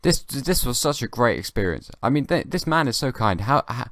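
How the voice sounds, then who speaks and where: A man's voice: medium pitch, big pitch swings, normal speed, fairly bright tone, no room sound, clean studio sound, voice pushed up. A young man voicing a naive, easily pleased male koala who gushes with gratitude. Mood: awed. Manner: gushing, overawed.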